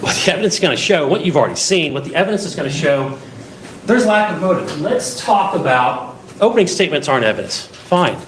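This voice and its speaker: A man's voice: fairly high pitch, animated, quick pace. A male defense attorney giving an opening statement to a jury, emphatic and full of rhetorical questions. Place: courtroom. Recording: echoey courtroom, distant mic, faint hiss.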